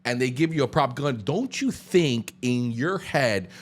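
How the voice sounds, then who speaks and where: A man's voice: medium pitch, animated, a little slow. A man co-hosting a podcast in casual chat, laid-back and full of fillers like bro and dog. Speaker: podcast co-host. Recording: audio-only podcast.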